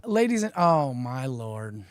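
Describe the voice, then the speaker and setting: A man's voice: mid-range voice, big pitch swings, slow, loud music behind the voice. A man hosting a livestream, introducing the topic in a rambling, hesitant way full of fillers. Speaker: host. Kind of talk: livestream commentary.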